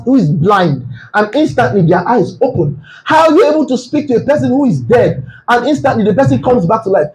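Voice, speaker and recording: A man preaching a sermon to his church, firing off rhetorical questions and breaking into shouts. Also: sits high, low-quality recording. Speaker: pastor.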